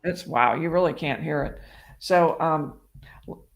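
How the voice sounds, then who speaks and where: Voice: medium pitch, a little slow, creaky. A legal commentator on a livestream, reading call transcripts aloud and adding brief asides. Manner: reads quoted dialogue aloud with brief asides.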